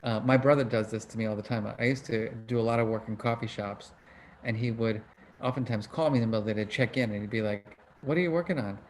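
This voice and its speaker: A man's voice: fairly low pitch, fast talker, slight background noise. A middle-aged man hosting an online book club over a video call, teaching in a casual, conversational way and asking his audience questions. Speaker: book club host and emotion researcher.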